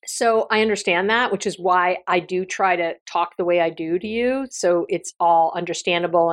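A woman hosting her own podcast, explaining a mental health topic in a conversational way, with fillers and self-corrections, speaking straight to the listener. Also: medium pitch. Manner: explanatory, addresses listener directly. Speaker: podcast host and therapist. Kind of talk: solo podcast talk.

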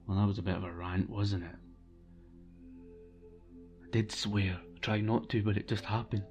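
Male streamer, opinionated casual rant, relaxed dark tone, dull recording. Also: fairly low pitch, moderate pace, faint music behind. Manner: opinionated and blunt, with frequent restarts. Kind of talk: casual ranting monologue.

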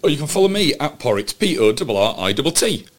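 A man's voice: on the high side, very animated, a little fast. A man co-hosting a casual political podcast, dropping dry quips and short interjections, then reading the sign-off. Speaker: podcast co-host.

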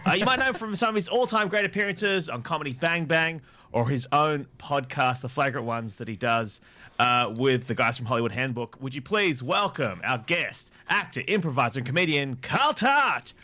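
Aussie guy hosting a podcast, bright voice, pitch jumps around a lot, chatty. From Australia. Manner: lively, bright, quick to laugh, with many "uh" fillers. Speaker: podcast host. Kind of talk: casual podcast chat.

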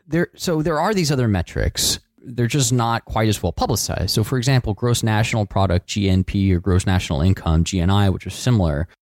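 A man co-hosting an economics discussion, explaining financial markets in a measured, casual way. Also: on the low side, expressive, a little mellow, no echo, studio quality.

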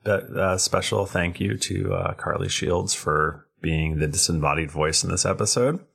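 A tired man hosting a podcast, wrapping up the episode in a relaxed, halting way. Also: sits low, vocal fry, breathy edge. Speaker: podcast host. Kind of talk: casual podcast wrap-up.

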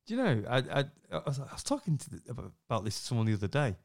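Middle-aged bloke hosting a podcast, chatty, laughs a lot. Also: male voice, medium pitch, wildly swooping pitch, fast talker. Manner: chatty, laughs easily, upbeat sign-off. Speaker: podcast co-host. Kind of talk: casual podcast chat.

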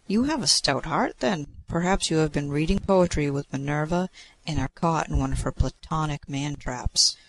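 A man reading aloud, voicing a playful young male god of love who teases and prods with quick exclamations. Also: on the high side, a bit bright, poor audio. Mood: teasing.

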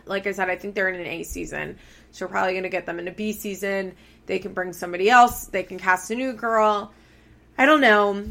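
A young woman recapping a reality TV show in casual, opinionated chat, blunt and quick to swear when annoyed. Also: mid-range voice, gravelly, a bit bright.

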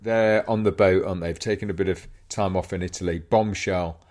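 A man's voice: low-pitched, brisk. A man in a casual film chat, jokey and riffing on scenes. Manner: animated and jokey, riffs on scenes.

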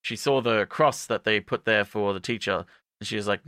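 Bright-voiced man, rambling recap. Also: on the low side, moderate pace, no echo, clean studio sound. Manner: rambling, playful, jokey asides. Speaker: podcast co-host. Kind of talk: casual comedic recap.

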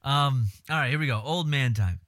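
A man's voice: medium pitch, moderate pace. A man co-hosting a podcast, chatting casually in a wry, rambling, profane way about songs. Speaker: podcast co-host. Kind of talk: casual chat reacting to songs.

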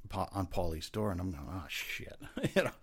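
A man's voice: low-pitched, very animated, fast talker, vocal fry, slightly rough. A man, a former police officer, telling a rambling story in a laid-back way, acting out what people said. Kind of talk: casual storytelling chat.

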